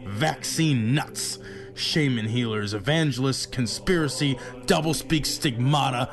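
A man reciting a closing creed in a slow, measured, declamatory way. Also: medium pitch. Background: music.

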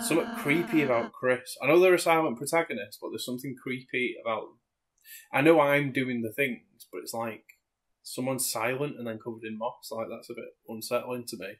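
A man's voice: medium pitch, steady tone, brisk, poor audio. A man giving casual, chatty commentary while playing a game, musing aloud and laughing easily. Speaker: let's play host. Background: game music.

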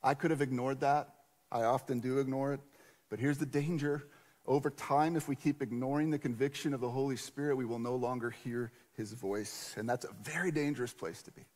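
A man preaching a sermon in a conversational, animated storytelling way. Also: mid-range voice, brisk. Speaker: pastor. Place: church sanctuary. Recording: long church reverb.

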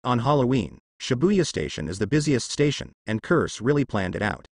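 This male narrator voices a translated fan novel at a moderate pace, his pitch bouncing with energy. The reading runs smoothly, free of stumbles or filler words. It's a dry recording, the voice held up close with no surrounding room sound.

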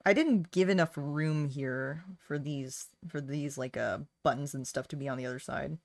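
A woman's voice: sits low, moderate pace, a little mellow, dry recording. A woman streaming while she draws, chatting playfully with her chat in a casual, rambling way. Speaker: art streamer.

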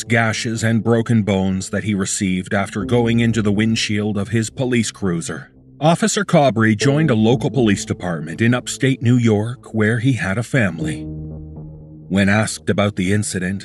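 A man narrating a horror story in a measured, documentary-like scripted voice. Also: lowish voice, faint music behind.

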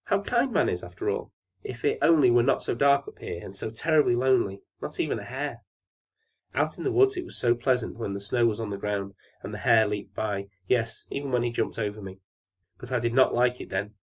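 Wistful storybook fir tree, young, impatient and earnest, read by a man, with a husky voice. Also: medium pitch, a little fast, close to an everyday voice. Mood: lonely. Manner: earnest, longing musing.

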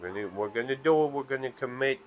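A man's voice: medium pitch, quick pace, highs cut off, a little hiss or hum. A man playing slot machines in a casino and giving playful commentary that drifts into rambling, absurd stories. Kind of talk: casual joking commentary.

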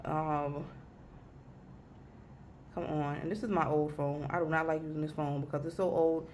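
A young woman vlogs from her desk at home, her voice sitting low and sounding close to tears. She talks in a confessional, rambling way, trailing off and restarting her thoughts. Faint background noise hums under the recording. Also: little pitch movement, moderate pace, darkish tone. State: weepy, emotional. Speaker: vlogger. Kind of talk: casual vlog chat.

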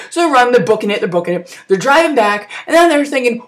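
A woman's voice: a little high, sing-song, moderate pace. A woman gives a rambling, slangy comic recap of a horror movie, full of mock outrage. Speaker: amateur movie reviewer.

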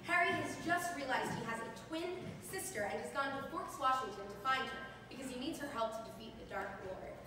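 High-voiced woman hosting a live stage reading. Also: fairly quick, few pauses, crowd noise. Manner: playful, self-amused. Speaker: writer and director of a live fan fiction show. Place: convention stage. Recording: roomy hall, distant mic, background noise.

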